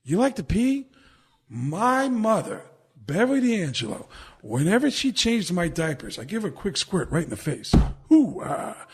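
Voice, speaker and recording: A man doing a raspy tough-guy baby. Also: high-pitched, big pitch swings, pitched above the performer's own voice, exaggerated voice. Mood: smug. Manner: slow, growling tough-guy drawl. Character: gravel-voiced baby boy, son of a movie tough guy. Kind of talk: comedy bit on radio.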